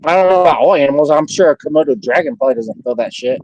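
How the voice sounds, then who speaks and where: A man's voice: a little high, animated, rapid-fire, darkish tone, highs cut off. A man chatting casually on a livestream panel, boisterous and profane, bragging and joking.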